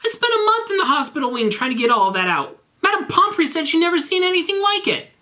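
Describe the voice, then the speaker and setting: Picture a furious young wizard shrieking his accusations in a voice pushed far above its natural range, as a man reading a story aloud puts him on. The tone is loud and strained, with an almost cartoonish shrillness. It comes across as an amateur storybook reading. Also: sing-song, quick pace, heavily acted. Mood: shrieking outrage. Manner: shrieking, high-pitched yelling. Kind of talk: reading fan fiction aloud.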